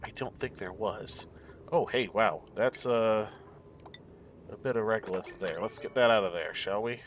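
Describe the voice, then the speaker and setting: A man's voice: on the low side, normal speed, slight background noise. A man giving casual, mumbling let's-play commentary, musing aloud to himself as he searches around a game map. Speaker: gameplay commentator.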